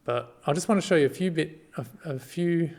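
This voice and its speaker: A man casually walks through a screen-recorded tutorial, relaxed and halting, with lots of ums and restarts. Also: on the high side. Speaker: party volunteer giving a tutorial.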